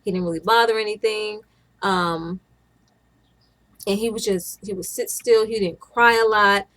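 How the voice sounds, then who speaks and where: A young woman, a stay-at-home mom who vlogs, chats casually to the camera in a mid-range voice that is fairly bright, a little slow, and fairly even in intonation. She rambles and meanders, often restarting her sentences and laughing.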